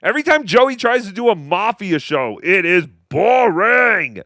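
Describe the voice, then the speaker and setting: A man's voice: high voice, sing-song, a little slow, gravelly, pushed and bright, dry recording, studio quality. A man co-hosting a podcast, talking in sarcastic, mocking casual banter. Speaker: podcast co-host.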